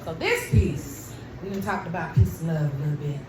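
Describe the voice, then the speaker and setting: A woman's voice: sits low, normal speed, distant mic. A woman performing her own spoken-word poetry at a lounge event, with rhythmic, emphatic declamation that rises in intensity. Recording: very echoey room recorded from afar, faint noise.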